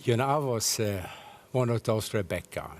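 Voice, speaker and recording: A man's voice: fairly low pitch, expressive, normal speed. A middle-aged man, telling his life story earnestly as a guest in a TV studio interview. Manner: earnest storytelling with slightly non-native English. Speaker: evangelist guest. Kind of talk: personal testimony in a studio interview.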